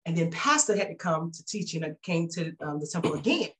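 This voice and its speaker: Her pace is brisk as this guest tells her church testimony in animated, conversational fashion. Quoted voices come with dramatic pitch jumps, and she frequently starts her sentences over.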